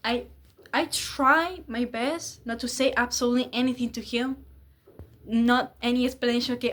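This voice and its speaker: Young woman, slightly high voice, candid rambling vlog talk with casual swearing. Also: normal speed, fairly bright tone. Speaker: vlogger.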